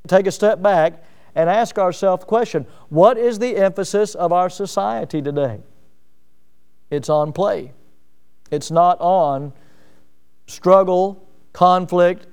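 Male preacher, high and clear-toned, reads aloud and stops to comment, stressing key words. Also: darkish tone. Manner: reads a passage then breaks off with asides and checks. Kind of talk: sermon reading and commenting on a book.

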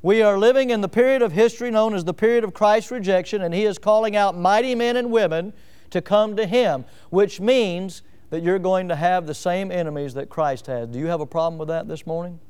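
A man preaching a sermon in a high, ringing voice with a smooth, resonant tone. He presses his listeners with repeated rhetorical questions and leans hard on key words as he builds. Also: a little fast, darkish tone. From Northwest Florida. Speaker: pastor.

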